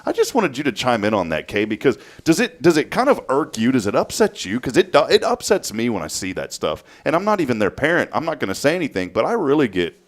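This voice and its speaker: A man, hosting a casual studio talk show and telling a story with lively flair. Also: medium pitch, quick pace, hardly any pauses. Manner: animated storytelling, acts out a child's voice. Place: local TV studio.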